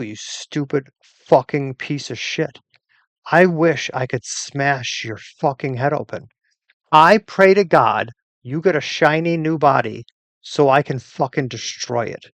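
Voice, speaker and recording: A man's voice: on the high side, no room sound. Furious, profane man on a dry mic. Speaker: user arguing with an AI assistant. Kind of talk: angry rant.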